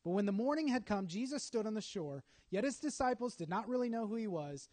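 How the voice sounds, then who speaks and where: A man's voice: high voice, animated, fairly quick, darkish tone. A man preaching a sermon, telling a story dramatically with acted asides.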